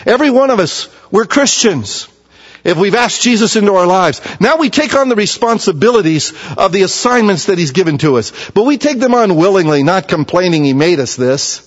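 A man preaching a sermon, his fairly high voice carrying through a long echo. He swings from lively, acted-out voices to quiet, soft calm tones, and the recording sounds dull and lo-fi. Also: a little fast. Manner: animated, acts out quoted voices, then drops to soft calm tones. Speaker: pastor. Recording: echoey hall, dull lo-fi sound.

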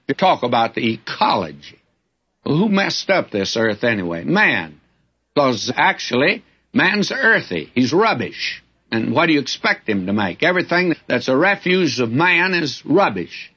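Man, folksy Bible teacher, husky voice, lively swinging pitch, dull lo-fi recording. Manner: folksy, emphatic, animated storytelling. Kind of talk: sermon-style Bible exposition.

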